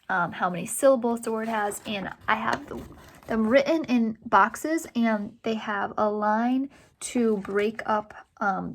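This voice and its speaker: A woman teacher with a slightly raised voice speaks slowly and deliberately. She reads a story aloud with clear pauses and expression. She then explains a literacy lesson step by step. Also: fairly high pitch, a little hiss or hum.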